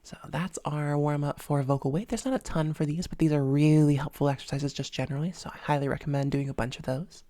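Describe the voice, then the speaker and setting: A woman with a low, mellow voice leads a voice lesson, talking it through loosely with plenty of fillers. She sits close to the microphone in a dry room. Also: fast, few pauses, dry recording. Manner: relaxed, hesitant with many fillers. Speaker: voice coach. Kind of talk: instructional voice lesson.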